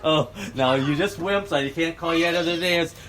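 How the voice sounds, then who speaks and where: A man's voice: a little high, normal speed, fairly bright tone, a little hiss or hum. An older American man vlogging outdoors, talking bluntly and joking as he rambles. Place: outdoors near a road.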